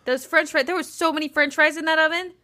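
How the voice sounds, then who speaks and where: A woman's voice: sits high, fairly even intonation, quick pace, pushed and bright, no room sound, studio quality. A woman co-hosting a casual recap podcast, incredulous and laughing, swearing casually. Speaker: podcast co-host.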